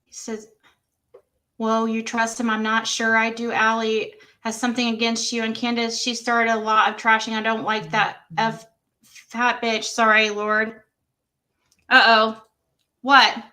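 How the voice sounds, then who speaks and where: A woman's voice: fairly high pitch, completely flat delivery, a little slow, sharp tone. A woman hosting a livestream, reading text messages aloud and reacting to them with exclamations and laughter. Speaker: livestream host.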